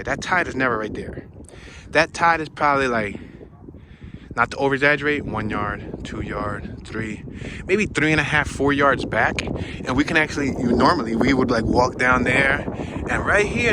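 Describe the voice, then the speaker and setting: A man casually narrating his hike on a wooded marsh trail outdoors, playful and excitable, whooping and laughing as he walks. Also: medium pitch, noisy background. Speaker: vlogger narrating a hiking walk. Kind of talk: casual walk-and-talk narration.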